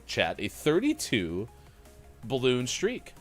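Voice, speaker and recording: A man's voice: fairly low pitch, unhurried, soft background music. A man co-hosting a gaming morning show, bantering casually and calling out to the chat. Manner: animated, jokey, addressing chat. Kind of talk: casual live-stream banter.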